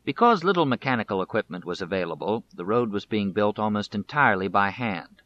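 A male audiobook narrator who reads a biography in a measured, deliberate way. His voice has a somewhat low pitch and a bright, forceful tone. The recording is muffled and lo-fi. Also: lively intonation, slight background noise.

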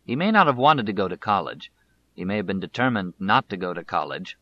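A man narrating a biography as an audiobook in a measured, deliberate way. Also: deep voice, big pitch swings, dull audio.

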